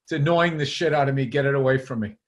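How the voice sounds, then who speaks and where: A man's voice: medium pitch, fast. A man co-hosting a podcast, ranting in profane, casual chat. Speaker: podcast co-host. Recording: roomy echo.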